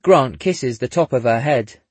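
A man narrating a story in a husky voice, dropping in dry, wry asides. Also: medium pitch, expressive, a little slow, no echo. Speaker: audiobook narrator. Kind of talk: scripted narration.

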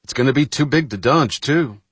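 A man's voice: mid-range voice, normal speed, breathy edge, dry recording, pitched above the performer's own voice, natural voice. A man voicing an easygoing merchant ship officer. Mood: casual.

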